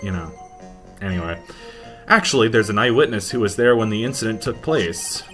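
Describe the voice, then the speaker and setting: A man's voice: on the low side, lively intonation, moderate pace, a bit bright, soft background music. A man doing casual, sarcastic let's-play commentary, mocking the game as he reads its lines aloud.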